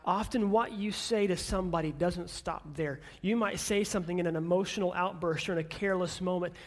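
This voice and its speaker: A pastor in his thirties delivers an earnest sermon, beginning gently before building to emphatic declarations. He has a high voice and speaks a little fast.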